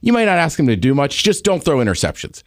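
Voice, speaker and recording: A man co-hosting a podcast, chatting loosely about sports, rambling with plenty of "like" and quick laughs. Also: a little high, huge pitch swings, no room sound, studio quality. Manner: rambling, lots of "like", laughs often. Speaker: podcast co-host. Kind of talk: casual sports chat.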